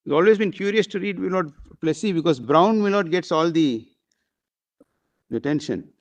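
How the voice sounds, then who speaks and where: A man's voice: a little high, lively intonation, moderate pace. A man arguing before a court bench, formally reading out passages and repeatedly saying "my lord", with hesitant fillers in a courtroom. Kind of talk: courtroom argument.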